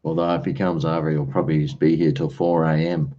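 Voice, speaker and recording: A deep-voiced Australian man hosts a livestream, chatting casually with viewers in a fairly quick, dark-toned voice with little pitch movement. He rambles in a chatty way, using slang and calling people "mate." The stream audio is dull and lo-fi.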